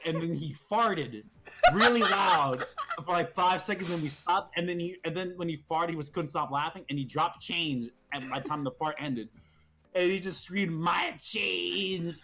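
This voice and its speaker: Slightly high-voiced and fairly bright in tone, a young streamer chats casually and recounts stories about his mates, laughing, cursing, and impersonating their lines. There's a bit of background noise.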